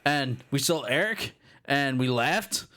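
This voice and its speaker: A man's voice: mid-range voice, lively intonation, slow pace, bright, forceful tone. A man co-hosting a podcast, joking and teasing his friends in casual chat. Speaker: podcast host.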